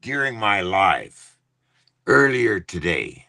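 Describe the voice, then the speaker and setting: Gravelly man ranting heatedly on livestream. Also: on the low side, very animated, slow pace, pushed and bright, no echo, clean studio sound. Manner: profane, repetitive, heated. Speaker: livestream host. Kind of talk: angry livestream rant. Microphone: phone.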